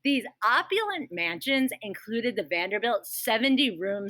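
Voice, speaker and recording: Chatty teacher, dry sound. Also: female voice, medium pitch, lively intonation, moderate pace, bright, forceful tone, no echo. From Rhode Island. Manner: chatty, with jokey asides. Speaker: school band teacher. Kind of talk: school morning announcements.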